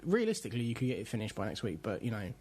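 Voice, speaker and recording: A man's voice: lowish voice, very animated, racing, a little mellow, slightly rough. A man co-hosting a casual podcast, rambling with lots of fillers and restarts. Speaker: podcast co-host.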